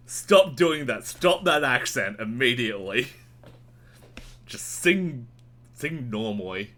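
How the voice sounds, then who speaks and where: Rambling, sweary man. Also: measured pace. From Australia. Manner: rambling, sweary and animated, with sudden jumps in pitch. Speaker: music reviewer. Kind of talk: casual monthly album roundup.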